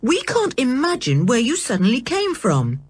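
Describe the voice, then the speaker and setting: A woman's voice: a little high, wildly swooping pitch, normal speed, breathy edge, no room sound, voice pushed up, heavily acted. A woman reading a storybook, voicing an eager, curious schoolboy who keeps pressing with questions.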